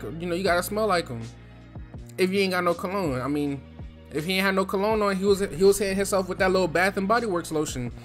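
A man's voice: sits high, bright, forceful tone. A young man from New Jersey giving casual advice in a loose, slangy, chatty way, speaking from his throat.

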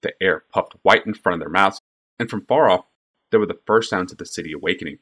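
A man narrating a fantasy audiobook in expressive storytelling. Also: low voice, fast talker, husky. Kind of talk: scripted narration.

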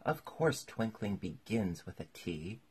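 A man doing a pompous, sharp storybook king. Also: on the low side, sing-song, normal speed, vocal fry, husky, full character voice. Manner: sharp, commanding, sometimes loud.

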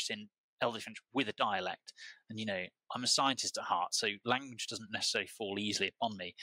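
A British man with a very bright, sharp voice tells stories as a podcast guest. He rambles and keeps restarting and repeating words. The recording is dry and close. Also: fairly low pitch, no room sound, low-quality recording. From United Kingdom. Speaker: truffle grower, podcast guest. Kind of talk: casual conversational storytelling.

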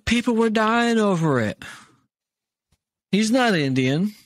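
A man's voice: high voice, animated, slow pace, dry recording. Laughing guy on a casual podcast. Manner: laughs often, retells comedy bits. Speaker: podcast co-host. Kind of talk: casual chat.

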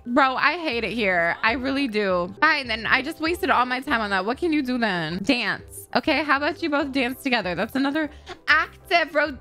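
A woman's voice: a little high, sharp tone. A young adult woman doing dramatic let's-play commentary over a life-sim game, swearing freely, gasping and laughing. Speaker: gaming video host.

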